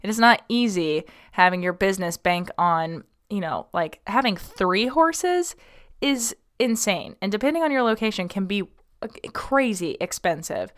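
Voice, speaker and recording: Chatty woman podcast host, smooth voice. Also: mid-range voice, lively intonation, moderate pace. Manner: chatty, many ums and likes, laughs at herself. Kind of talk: casual podcast, reading a listener question.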